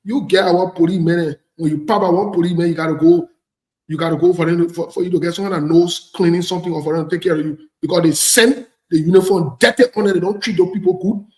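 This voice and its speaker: A man's voice: sits high, steady tone, fast, a little mellow, roomy sound. A man from Liberia with a Liberian English accent, hosting a casual talk show and speaking bluntly, repeating phrases to press his point. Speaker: host.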